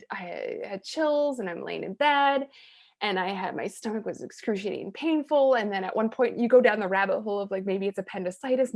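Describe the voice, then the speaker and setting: A woman in a conversational interview, speaking at a middle pitch with a noticeable gravelly fry in her voice. She tells personal stories candidly, rambling a little and restarting her sentences, with "like" all through her speech. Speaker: hypnotherapist and transformation coach, interview guest.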